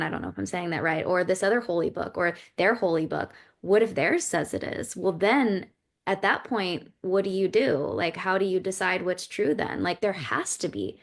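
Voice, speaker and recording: A woman with a low, gravelly voice talks through her shifting beliefs on a podcast. She is earnest and searching, circling back and restarting as she thinks aloud. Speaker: podcast co-host. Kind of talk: reflective casual conversation.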